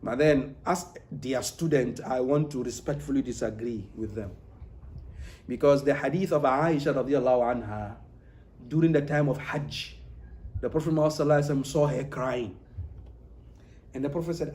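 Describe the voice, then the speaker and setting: A man leads a relaxed religious lesson in a mosque classroom. His voice is dark and mellow, at a middle pitch. He talks in a loose, conversational way, restarting phrases and leaning on "you know". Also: normal speed. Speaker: Islamic teacher. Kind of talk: informal religious class lecture. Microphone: livestream mic.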